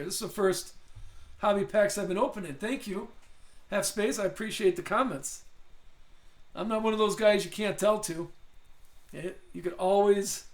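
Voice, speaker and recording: A young man with a high-pitched voice hosts a live card-opening stream. He talks casually to viewers, thinks out loud and reads names as he pulls each card. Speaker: card break host.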